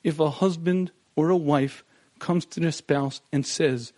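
A middle-aged man teaching couples in a seminar, telling stories and pausing often to clear his throat. His voice sits a little high for a man. It is recorded dry and close. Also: fairly even intonation, a little mellow, no room sound. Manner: storytelling, acts out quotes. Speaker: marriage seminar speaker. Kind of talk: lecture to couples.

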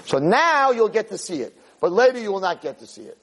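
A man's voice: sits high, sing-song, a little fast, a bit bright, pitched above the performer's own voice, full character voice. A man voicing God as a stern voice rebuking a prophet in a sermon.

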